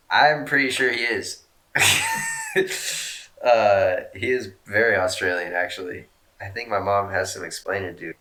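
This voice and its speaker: A man's voice: lowish voice, bright, forceful tone. A man casually reading out fan questions and answering them in a rambling, laid-back way, swearing often and joking at his own expense. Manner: self-mocking jokes.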